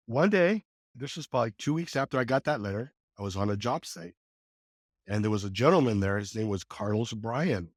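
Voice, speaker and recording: Lively-voiced man in his sixties telling a story. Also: dry recording, studio quality. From California. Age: 60s. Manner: animated, acts out quoted dialogue with lively pitch jumps. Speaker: podcast guest. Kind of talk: conversational storytelling.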